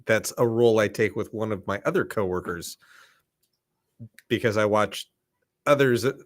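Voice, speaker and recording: A man co-hosting a casual talk show, speaking in a measured, direct, dry way. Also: on the low side. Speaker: podcast co-host. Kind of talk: casual chat.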